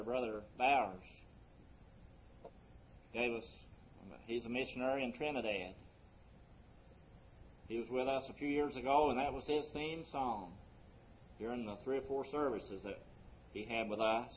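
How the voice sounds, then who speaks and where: A man's voice: medium pitch, moderate pace, pauses often, slight background noise. Preaching man, swelling and dropping, lo-fi. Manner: preaching with sweeping rises and drops in loudness. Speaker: pastor. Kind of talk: sermon.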